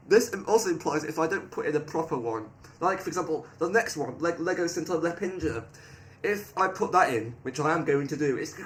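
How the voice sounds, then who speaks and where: A man giving rambling, excitable casual commentary, often laughing and restarting his sentences. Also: a little high. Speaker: video creator. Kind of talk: casual commentary reading AI replies aloud.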